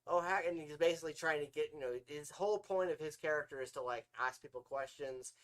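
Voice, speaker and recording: A man co-hosting a podcast in casual, animated chat with quick asides and frequent laughter. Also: on the high side. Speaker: podcast co-host.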